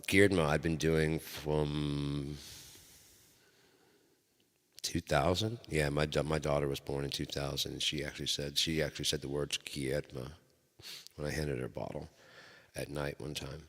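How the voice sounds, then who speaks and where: Host type: a very low-voiced man telling stories in a loose, profane ramble, with a reverb tail. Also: little pitch movement, measured pace, long pauses. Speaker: channel host. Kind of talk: rambling solo talk. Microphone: microphone. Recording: long hall reverb.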